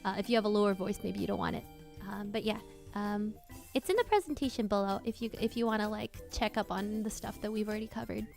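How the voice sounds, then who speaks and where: A woman's voice: mid-range voice, fast, creaky, darkish tone, faint music behind. A young woman hosting a casual live Q&A about singing covers, chatty and self-correcting with lots of fillers.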